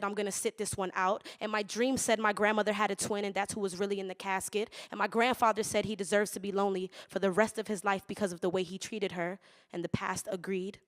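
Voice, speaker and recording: A young woman with a mid-range, somewhat bright voice performs spoken word poetry. Her recitation is rhythmic and measured, while the banter between poems is loose, full of laughing and swearing.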